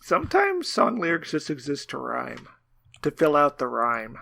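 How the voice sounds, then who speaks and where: A woman's voice: sits low, huge pitch swings, normal speed, creaky, fairly bright tone. A woman co-hosting a podcast, joking crudely in casual chat. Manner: joking, crude, sings bits. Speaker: podcast co-host.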